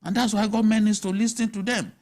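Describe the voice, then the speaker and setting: A man's voice: sits high, fairly even intonation, quick pace, a little mellow. A man with a Nigerian accent, speaking as a guest on a TV studio panel, arguing emphatically and asking rhetorical questions. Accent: Nigerian English. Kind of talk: animated studio panel discussion.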